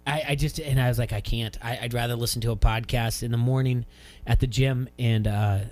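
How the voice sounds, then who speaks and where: A man's voice: mid-range voice, steady tone, a little fast, a little mellow. A man co-hosting a sports radio show, chatting casually and rambling with many fillers and restarts. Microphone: studio radio mic.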